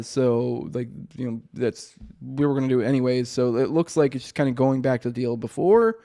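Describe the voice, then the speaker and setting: A man hosting a podcast, reading news articles aloud and rambling through commentary, with his voice choked up and rough. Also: medium pitch, mellow. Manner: rambling, many restarts and fillers, swears casually. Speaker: podcast host.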